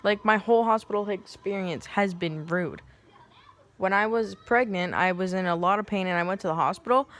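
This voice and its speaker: A young woman vlogging casually at home, telling a story with a sassy, profane, animated manner. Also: mid-range voice, normal speed. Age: young adult.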